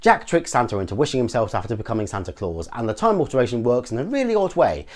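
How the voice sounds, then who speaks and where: An English man talks through a film review at a brisk clip, his voice rising and falling in a lively way. He sounds dry and sarcastic as he picks at the plot. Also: mid-range voice, music in the background. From England. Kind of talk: scripted film review narration.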